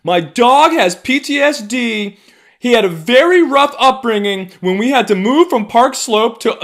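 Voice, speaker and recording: A precious, fretful wealthy pet owner complains in a high, whiny voice, put on by a man telling a comedy bit. The voice sits far above his own and comes out loud and strained.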